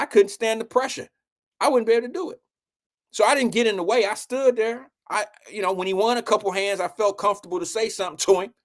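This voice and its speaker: Male host, high voice, casual storyteller, salty and animated delivery. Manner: loose, profane, animated storytelling with slang. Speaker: show host telling a story.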